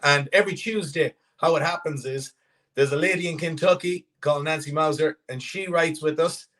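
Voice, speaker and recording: A man's voice: fairly high pitch, moderate pace, fairly bright tone. An Irish man from the west of Ireland, a country singer chatting upbeat as a radio interview guest, often restarting his sentences. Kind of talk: casual radio interview chat.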